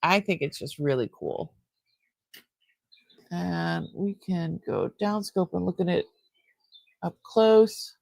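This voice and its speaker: An older woman hosting a live jewelry sale stream, chatting casually and warmly with her viewers. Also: fairly low pitch, lively intonation, slow pace, creaky, long pauses, no echo. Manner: chatty and warm-hearted, easily moved.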